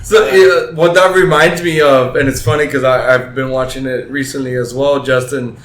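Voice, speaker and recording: A man's voice: medium pitch, fairly even intonation, normal speed, fairly bright tone. A man co-hosting a casual podcast chat, speaking bluntly and swearing casually. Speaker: podcast co-host. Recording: roomy room with faint ambience.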